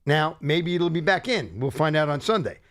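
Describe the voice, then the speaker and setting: A man hosts a talk show in a relaxed, conversational way and steers the talk to each new topic. His pitch moves a lot, and the recording is dry and close. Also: normal speed, dry recording. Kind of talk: casual talk show chat.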